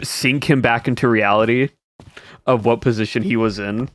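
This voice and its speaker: A man's voice: medium pitch, steady tone, normal speed. A young man streaming, chatting casually with his viewers in a rambling way and answering their comments as he goes. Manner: rambling, answers chat between stories. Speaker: livestreamer.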